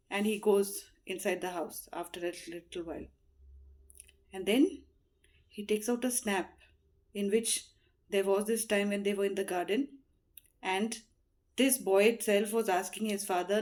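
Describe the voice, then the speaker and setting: A middle-aged woman talks earnestly and unhurriedly, giving heartfelt advice. She fills her pauses with "you know", and her voice sits at a medium pitch. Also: a little mellow. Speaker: motivational speaker.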